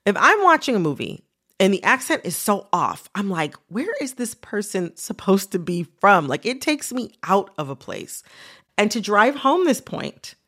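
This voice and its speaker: A playful woman hosts a casual interview and teases her guest. Her pitch sits mid-range for a woman but swings widely as she talks. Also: sing-song, normal speed, a bit bright. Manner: playful, teasing, laughs often. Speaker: podcast host.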